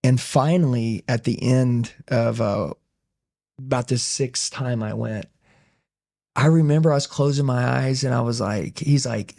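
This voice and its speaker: A man's voice: mid-range voice, a little slow, vocal fry, darkish tone. A man talking intensely and emphatically in a casual podcast conversation, sharing his story as a business owner. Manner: intense, emphatic, says "dude" a lot.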